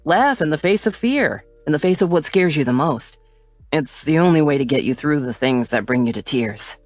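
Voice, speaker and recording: A woman's voice: low-pitched, lively intonation, normal speed, darkish tone, no echo, soft background music. A woman voicing a playful, teasing young man in an audiobook, speaking in a light manner.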